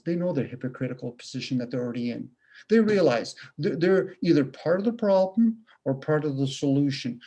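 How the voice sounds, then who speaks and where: A man's voice: mid-range voice, mellow, slightly rough. A man ranting casually on a video call, blunt and profane, firing off rhetorical questions. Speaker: video call participant sharing views.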